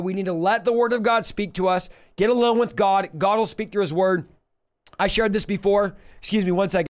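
A young man preaching a livestreamed sermon in a fervent, rapid, conversational way, with call-outs to his listeners. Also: high-pitched.

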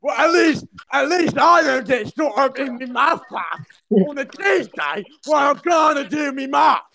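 A young man putting on a loud British accent, ranting and shouting crude insults as a comic lad. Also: extremely high pitch, lively intonation, measured pace, gravelly, pitched above the performer's own voice, heavily acted. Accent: put-on British. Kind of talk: comic impression on a podcast.

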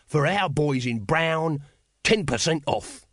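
A man voicing a shifty male street hawker in an audiobook, with a husky, gravelly voice and wheedling sales patter. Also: a little high, lively intonation, slow, fairly bright tone, no echo, clean studio sound, full character voice. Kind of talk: audiobook character voice.

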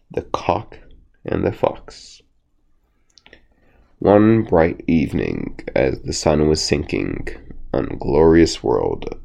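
A man reading bedtime fables aloud, slowly, with frequent slips and restarts. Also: rumbling low, creaky, warm tone. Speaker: storyteller.

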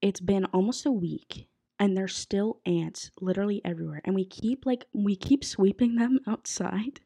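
A woman's voice: mid-range voice, moderate pace, dark tone, slightly rough. A young woman hosting a podcast, chatting casually with lots of fillers, a bit sick. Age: young adult. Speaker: podcast host. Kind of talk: casual chat. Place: college apartment bedroom.

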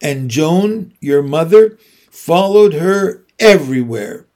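A man's voice: on the high side, expressive, slow pace, darkish tone. A man reading aloud, voicing a grumpy, curt male librarian in a storybook. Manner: curt, grudging. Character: grumpy gruff male small-town librarian.

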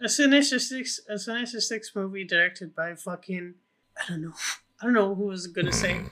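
A man with a high, bright voice co-hosting a casual film podcast. He pitches ideas eagerly, swearing freely and leaning on fillers as he goes. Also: normal speed. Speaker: podcast co-host.

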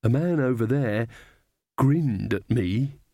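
A man's voice: mid-range voice, lively intonation, takes it slowly, mellow, no room sound, clean studio sound. A man voicing an anxious, earnest young witch woman with a nervous manner. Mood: uneasy.

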